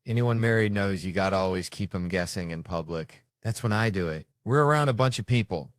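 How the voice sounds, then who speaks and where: A man doing a stand-up comedy set, brash and loud, acting out the people in his stories. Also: low voice, a little fast, dry recording.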